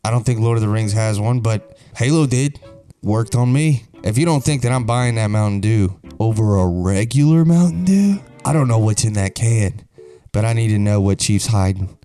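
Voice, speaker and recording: A man's voice: fairly low pitch, normal speed, warm tone. A young man hosting a comedic video, ranting in a rambling, crude, mock-serious way. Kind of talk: deadpan comedic rant.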